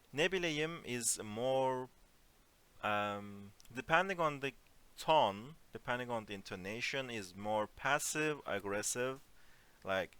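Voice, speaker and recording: A man teaching an online Turkish lesson in English, explaining phrases slowly and giving spoken examples. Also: medium pitch, pushed and bright, smooth. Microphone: computer mic on a voice call.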